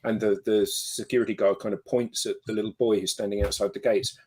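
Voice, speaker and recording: A man's voice: on the low side, flat delivery, fairly quick, darkish tone, husky, rough recording. A man hosting a casual chat, telling a chatty anecdote. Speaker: host.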